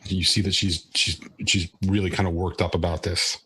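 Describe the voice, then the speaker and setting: A man narrating as game master in a tabletop role-playing game, relaxed, with frequent restarts. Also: deep voice, normal speed, slight background noise.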